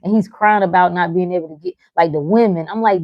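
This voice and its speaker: A woman with a low-pitched, warm and relaxed voice gives a blunt motivational talk, swearing freely. She teases her listeners and lets short laughs break up her points. The sound is close and dry, with no room in it. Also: moderate pace, dry recording, lo-fi sound. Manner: frank, profane and teasing, with short laughs. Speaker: livestream host reading chat.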